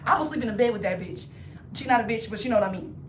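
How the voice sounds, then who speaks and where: A woman with a high voice tells a story on a casual livestream, animated and full of slang. She keeps slipping into her friends' voices as she talks. The room sounds roomy, with a faint hum behind her. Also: very fast. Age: adult, not in her twenties. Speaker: hairstylist livestreamer.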